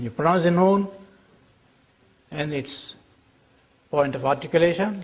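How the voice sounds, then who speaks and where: A man teaching a class, explaining slowly and checking that his students follow. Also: on the high side. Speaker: Arabic teacher. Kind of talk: classroom lecture.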